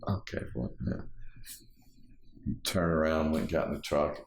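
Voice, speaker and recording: A man's voice: rumbling low, flat delivery, moderate pace, echoey room, slight background noise. A man telling a personal story from his life, acting out the dialogue of the people in it. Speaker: interviewee.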